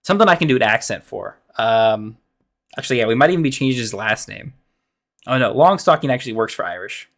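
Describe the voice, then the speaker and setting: A man at a middle pitch, musing aloud as he works out plans for a tabletop game on a live stream. His speech is halting and full of restarts, and it often drifts off into quiet mumbling. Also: lively intonation. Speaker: dungeon master streamer. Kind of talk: thinking aloud while planning a game.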